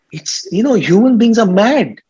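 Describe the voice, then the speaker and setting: A man's voice: high-pitched, mellow, husky. A man with an Indian English accent giving an informal spiritual talk as a guru, playful and teasing, often laughing and mimicking people, in a dull lo-fi recording. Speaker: spiritual teacher.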